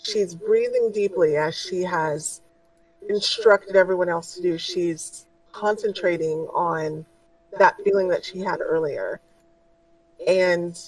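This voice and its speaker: A low-voiced woman guides her players as game master in a loose, casual way, pausing for ums and restarts. She sounds a little distant from the microphone. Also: a little mellow. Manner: casual, with many fillers. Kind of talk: narrating a tabletop game.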